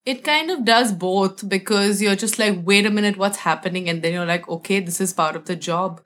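A woman actress as a guest in a casual chat, relaxed and quick to laugh. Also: mid-range voice.

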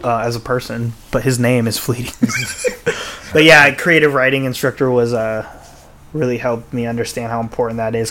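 A man's voice: medium pitch, steady tone, moderate pace, bright, forceful tone. A man hosting a podcast in casual chat, talking in a rambling, profane way full of restarts and fillers. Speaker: podcast host.

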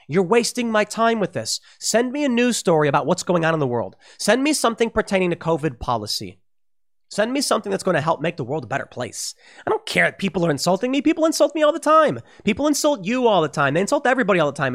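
A man's voice: high voice, very animated, quick pace, fairly bright tone. A man delivering opinionated commentary to his audience, emphatic and heated, repeating words as he presses his points. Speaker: online political commentator.

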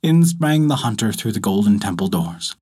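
A man reading a folktale aloud as a storyteller, in measured, expressive narration. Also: lowish voice, slightly rough. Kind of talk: scripted narration.

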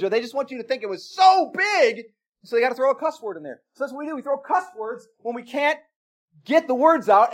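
A man preaching a sermon, telling a story with emphatic swings between loud exclamations and quiet asides. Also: extremely high pitch. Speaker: pastor.

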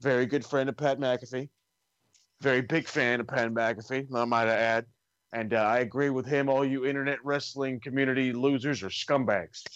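A man's voice: medium pitch, steady tone, moderate pace, a bit bright, dry recording. A man co-hosting a wrestling chat, sarcastic and profane, ranting with plenty of swearing. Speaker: wrestling podcast co-host. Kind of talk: casual chat. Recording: dull dry lo-fi.

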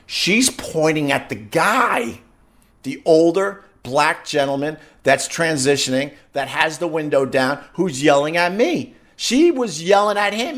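A man live streaming, telling a story in an excitable, animated way with frequent restarts. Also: a little high, unhurried. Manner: excitable, acts out shouted quotes, frequent restarts.

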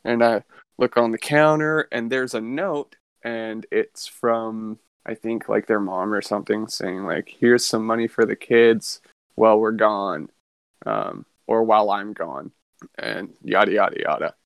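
A man's voice: on the low side, a little slow, clear, resonant tone, dry recording. A man co-hosting a podcast, telling a long story casually in a rambling, laid-back way, swearing often. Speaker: podcast co-host.

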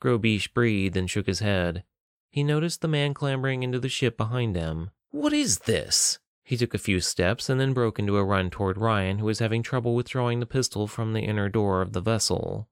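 A man narrating a novel in a measured, even storytelling voice on a close mic. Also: lowish voice, clear, resonant tone, no room sound. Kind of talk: scripted audiobook narration.

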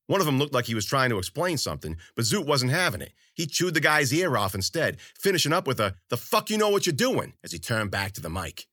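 A man's voice: medium pitch, sing-song, fast talker, hardly any pauses, sharp tone, no room sound, clean studio sound. A man narrating a story in first person, with wry, colloquial and profane delivery. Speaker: audiobook narrator.

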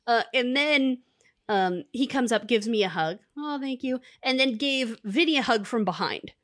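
A woman in her thirties co-hosting a podcast, telling a lively story in casual chat and acting out what people said. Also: on the high side, moderate pace, no echo, clean studio sound. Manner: animated storyteller, acts out quotes. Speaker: podcast co-host.

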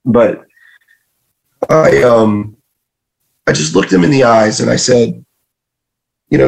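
Gravelly man, voice worn after illness. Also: mid-range voice, animated, slow, long pauses, rough recording. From North Carolina, USA. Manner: earnest, emotional, with many restarts. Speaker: guest sharing a testimony. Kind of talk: casual spoken storytelling.

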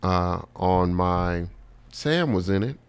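Animated New comedian, low voice. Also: male voice, slow pace, clear, resonant tone. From New York. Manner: animated storyteller, swears freely, acts out quotes. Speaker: comedian guest. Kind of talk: casual podcast chat.

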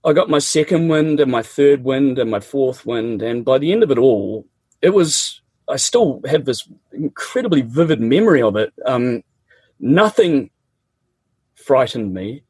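Husky New Zealand man telling stories. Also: medium pitch, measured pace, no echo. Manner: animated, laughs often, colloquial. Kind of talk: casual personal storytelling.

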